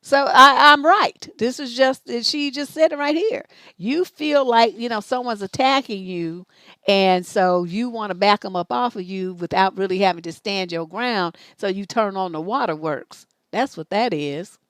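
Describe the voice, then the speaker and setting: A woman's voice: medium pitch, moderate pace, fairly bright tone, no room sound. A middle-aged woman hosting a live relationship advice stream, blunt, profane and scolding, acting out both sides of conversations. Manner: acts out both sides of dialogues.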